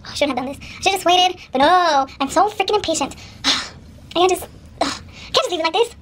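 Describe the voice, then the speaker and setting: Anxious high-voiced woman vlogging. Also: fairly quick, fairly bright tone. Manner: anxious, exclaiming, talking to herself. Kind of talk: nervous casual vlog to camera.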